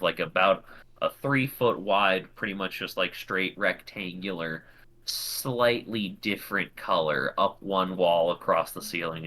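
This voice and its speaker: A man narrates a tabletop game as game master, full of fillers and casual description. His voice is very low but bright and forceful.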